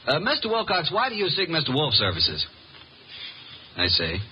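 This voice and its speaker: A brash young assistant detective talks in a breezy way, and his pitch swings all over. It is heard through the hiss of a lo-fi old radio broadcast. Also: huge pitch swings, normal speed. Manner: breezy, talkative. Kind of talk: 1940s radio acting.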